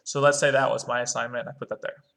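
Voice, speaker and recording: A male music teacher with a mid-range, gravelly, slightly bright voice speaks fast in a level tone. He guides young students step by step through a screen-recorded online lesson, talking through each click and chanting rhythm syllables.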